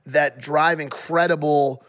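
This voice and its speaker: A man co-hosts a podcast in loose, casual chat, with a voice a little higher than most men's. He rambles, restarts his sentences and fills the gaps with "like" and "you know.". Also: fairly even intonation, a bit bright. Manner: rambling, halting, many fillers and profanity. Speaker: podcast co-host.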